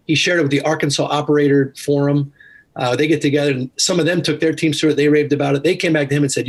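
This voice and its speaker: A man's voice: fairly high pitch, steady tone, fast talker, husky. A man who is a podcast guest and author, telling stories in an earnest, rambling way during a casual interview. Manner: earnest, anecdotal, with many restarts.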